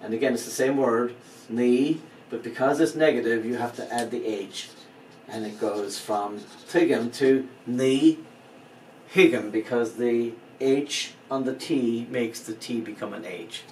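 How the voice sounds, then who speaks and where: A man's voice: mid-range voice, unhurried, a little mellow, far from the mic. Man teaching phrases in an echoey room. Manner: explains patiently, repeats phrases, spells out words letter by letter. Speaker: language teacher. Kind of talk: informal spoken language lesson. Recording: echoey room, voice from off-mic, faint background hum.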